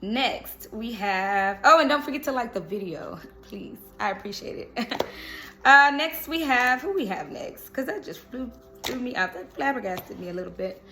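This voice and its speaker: A woman's voice: on the high side, moderate pace, slight background noise. A woman doing a casual tarot reading, chatty and rambling, laughing often and breaking into bits of song. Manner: lively, rambling and self-correcting. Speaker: tarot horoscope reader.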